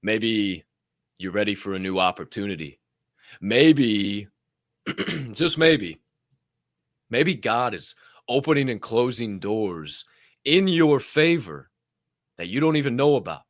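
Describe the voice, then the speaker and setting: A young man giving a motivational podcast monologue as co-host, animated and profane, jumping from loud outbursts to low muttered asides. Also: slow pace, pauses often, no echo, studio quality.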